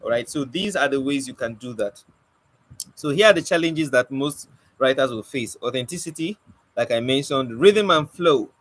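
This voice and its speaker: A man's voice: medium pitch, animated, normal speed, fairly bright tone, low-quality recording. A man, giving an informal spoken lesson on poetry and often stopping to search for words. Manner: conversational, restarts and searches for words. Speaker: poetry teacher. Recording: faint background noise.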